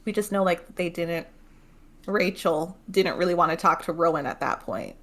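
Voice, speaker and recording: A woman's voice: on the low side, normal speed, a bit bright. A young woman hosting a casual book club chat. She talks loosely, laughs often and swears freely.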